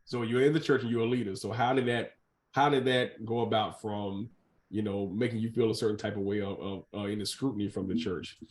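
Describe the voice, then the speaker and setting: A man hosting a casual interview, playful and chatty with lively asides. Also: fairly low pitch, brisk. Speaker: podcast host, interviewer.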